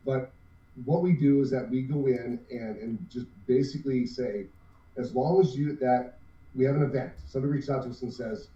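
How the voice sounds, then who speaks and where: A man's voice: medium pitch, a little fast, warm tone. A man, co-owner of a cosplay group, talking earnestly in a casual interview with many restarts. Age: 50s. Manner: rambling, earnest, restarts often. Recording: roomy, distant, dull lo-fi sound.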